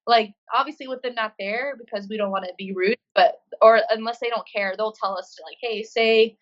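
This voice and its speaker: A woman's voice: on the high side, brisk. Chatty woman on a dull remote line. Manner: chatty, lots of ums and likes. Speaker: guest, Marine and CrossFit coach. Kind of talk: casual interview answers. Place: living in Australia.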